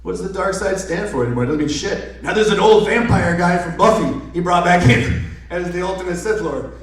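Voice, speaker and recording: This comic's high voice moves briskly through a sarcastic stand-up rant loaded with profanity. The live room echoes, and he sounds distant from the microphone.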